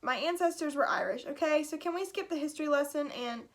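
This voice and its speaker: A self-assured teenage girl, read by a woman talks in a breezy, eager way. Her voice is high and light. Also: lively intonation, a little fast. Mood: impatient.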